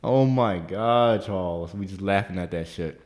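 A man co-hosting a podcast, telling a profane, animated story and leaping into high squeaky voices when he quotes people. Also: unhurried. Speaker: podcast co-host. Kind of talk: casual storytelling chat.

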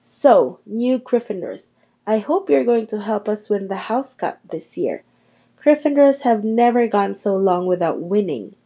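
A woman's voice: medium pitch, animated, measured pace, warm tone, husky, low-quality recording. Woman doing a prim, fussy old male ghost. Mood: brisk. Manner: prim and stiff.

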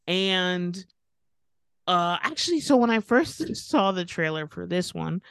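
A chatty American woman co-hosts a casual podcast about TV shows, her voice sitting low and close in a dry, dead-sounding space. She laughs often and wanders through restarts and fillers. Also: very animated, slow pace, creaky, a bit bright, clean tone, no echo. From United States. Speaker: podcast co-host.

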